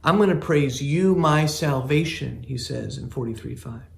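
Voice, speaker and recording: A male pastor giving a sermon, earnest and emphatic, with pauses between phrases. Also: medium pitch, gravelly, roomy sound.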